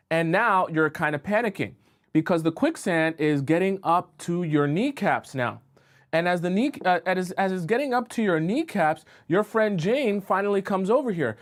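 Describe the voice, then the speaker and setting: A man coaching viewers on dating during a livestream, spinning an extended story to make his point. He keeps checking in with the listener as he goes, and his voice sits a little above a typical male pitch. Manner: storytelling, with frequent "okay?" and "right?" check-ins. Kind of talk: livestream advice talk.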